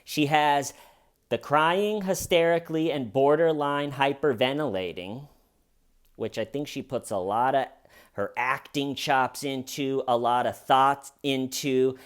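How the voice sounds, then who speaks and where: A man's voice: mid-range voice, unhurried, smooth. A man giving sarcastic, comedic true crime commentary with wry asides.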